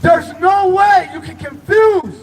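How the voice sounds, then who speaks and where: A man shouting a rally speech to a crowd at an outdoor protest at night, drawing out his lines. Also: very high voice, slow, poor audio. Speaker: protest speaker.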